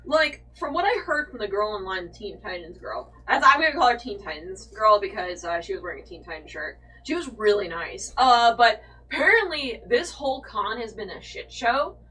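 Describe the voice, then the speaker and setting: A woman co-hosting a casual chat, telling stories in an animated way and swearing freely. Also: medium pitch, normal speed, few pauses, breathy edge, recorded from a distance, rough recording. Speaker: co-host.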